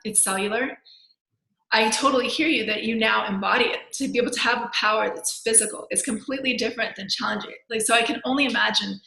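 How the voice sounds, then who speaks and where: A woman interviewer with a bright, sharp tone, recorded in an echoey room. She responds in an affirming, reflective way and asks her questions conversationally. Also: medium pitch, vocal fry. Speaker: interview host.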